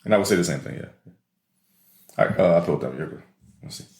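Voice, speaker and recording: Low-voiced New man, roomy sound. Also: expressive, fast, creaky, darkish tone. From New Orleans. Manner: rambling, frequent restarts. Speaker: podcast co-host. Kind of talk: casual chat. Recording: roomy echo.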